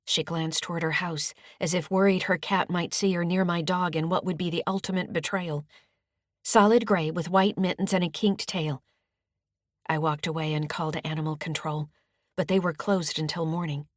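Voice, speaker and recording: In a dry, close recording with no room sound at all, a woman reads scripted first-person audiobook narration. Her voice is on the low side, and her delivery stays calm and measured.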